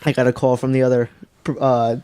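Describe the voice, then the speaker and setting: A man's voice: mid-range voice, brisk, clean tone. A man co-hosting a casual podcast, telling a story with lots of swearing and acted-out dialogue. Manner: animated storyteller, swears freely. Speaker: podcast co-host. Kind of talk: casual chat.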